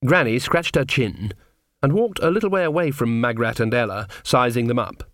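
A male audiobook narrator with a wry, understated delivery and a middling pitch. The recording is close and dead dry, with no room sound. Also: expressive, moderate pace, fairly bright tone, dry recording.

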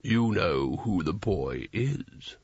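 A man reading aloud, voicing a sly, smooth older wizard who speaks in a dry, unhurried, quietly mocking way. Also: low voice, expressive, no room sound, lo-fi sound, pitched below the performer's own voice, heavily acted.

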